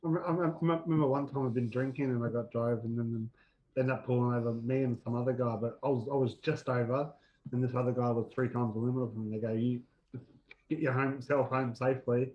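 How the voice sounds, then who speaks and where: A man co-hosting a casual podcast, telling a story in halting, repeated starts. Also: medium pitch, fairly even intonation. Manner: halting, repeats words while thinking. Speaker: podcast co-host. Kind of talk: casual chat. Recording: dull lo-fi sound with faint noise.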